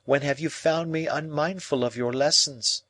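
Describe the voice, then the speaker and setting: A man reading an audiobook, voicing a proud, cool young woman who speaks in measured, cutting reasoning. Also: fairly high pitch, fairly bright tone, no echo, voice pushed up. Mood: cold.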